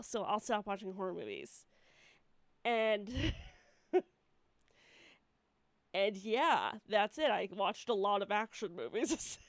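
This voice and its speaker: A young woman co-hosting a casual podcast, telling stories in an animated way, with plenty of swearing and laughter. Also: medium pitch, dry recording, clean studio sound. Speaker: podcast co-host. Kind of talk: casual chat.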